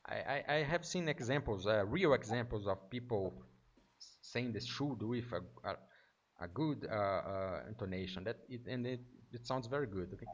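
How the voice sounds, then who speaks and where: A man's voice: medium pitch, expressive, moderate pace, lo-fi sound. A Brazilian man teaching aviation English, patiently explaining and checking in with "okay?" often. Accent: Brazilian Portuguese. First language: Portuguese. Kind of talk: one-on-one online lesson.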